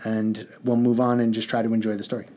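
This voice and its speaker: Male teacher reading aloud to a class; low, mellow voice with chatty asides. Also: flat delivery, fast talker. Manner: chatty asides, mild humor.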